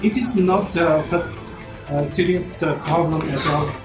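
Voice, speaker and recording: A man with a Nepali accent explaining classroom language examples, halting with many fillers and restarts. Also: on the high side. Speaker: teacher. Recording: roomy, distant mic with music.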